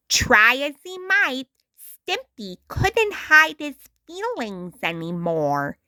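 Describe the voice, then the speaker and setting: A woman reading a storybook aloud with a deliberate, expressive storytelling manner. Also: high-pitched, no echo, clean studio sound. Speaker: storytime reader.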